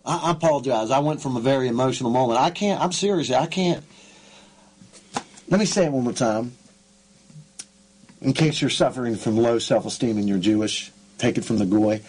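A male talk show host speaking fervently and excitably, often repeating himself. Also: mid-range voice, fairly quick, pauses often, breathy edge. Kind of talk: emotional radio interview.

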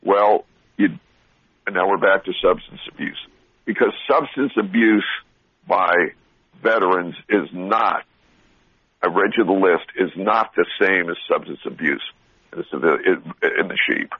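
Blunt, husky man on a radio talk show. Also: low-pitched, a little slow, dry recording, highs cut off. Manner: blunt, animated storytelling with frequent laughs and restarts. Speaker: veteran talk show guest speaker. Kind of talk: casual motivational radio talk.

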